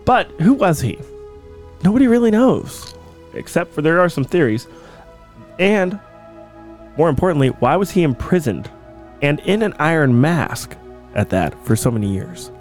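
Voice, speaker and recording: A man's voice: on the high side, very animated, moderate pace, soft background music. A man hosting a casual comedy podcast, joking around and hamming it up. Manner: joking, hammy, breaks into mock French greetings. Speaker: podcast host.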